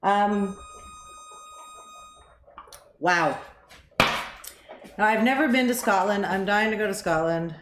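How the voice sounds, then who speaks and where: A woman's voice: medium pitch, slow, long pauses. A middle-aged woman co-hosting a cooking show, chatting casually, swearing and wandering into asides. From Canada. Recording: echoey kitchen with background noise.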